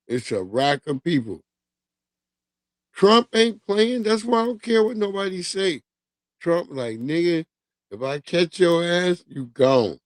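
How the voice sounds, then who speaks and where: A man's voice: on the high side, dry recording, clean studio sound. A man hosting a livestream, ranting profanely in casual commentary and laughing through it. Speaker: livestream host.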